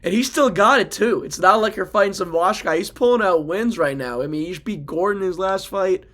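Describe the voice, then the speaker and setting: A man's voice: high voice, fairly quick, a bit bright. Upbeat man interviewing, agreeing often. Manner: encouraging, agreeing, asks follow-ups. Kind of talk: casual interview chat.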